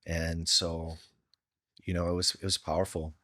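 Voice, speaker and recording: A man's voice: low voice, level tone, moderate pace, a bit bright, no room sound, studio quality. A middle-aged man from Hawaii, a podcast guest telling personal stories in an earnest, heartfelt way with casual slang. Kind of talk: candid storytelling.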